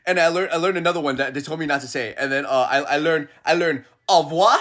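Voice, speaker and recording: A young man chatting casually on a phone livestream, an animated storyteller who acts out the people he quotes. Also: on the high side, fast.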